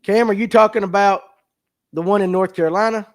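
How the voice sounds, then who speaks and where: A man with a Southern US accent jokes his way through a fishing livestream, reading viewer comments and answering them in a folksy, self-deprecating way. His voice is a bit high for a man, his intonation fairly even and his pace a little quick, and it's picked up on a phone mic.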